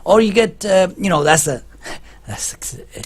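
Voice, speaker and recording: A man with a husky, slightly raspy voice that sits a little higher than most men's. He rambles through a casual vlog with frequent restarts and swings into emphatic bursts. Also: animated, a little slow. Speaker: vlogger.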